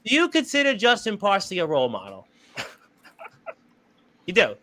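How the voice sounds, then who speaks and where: A man hosting a casual wrestling talk show, excitable and quick to laugh. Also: high voice, no echo. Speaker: host. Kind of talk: casual podcast chat.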